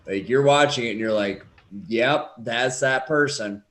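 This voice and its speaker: A man co-hosting a podcast in casual chat, excitable and teasing, with a fair bit of swearing. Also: mid-range voice, unhurried. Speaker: podcast co-host.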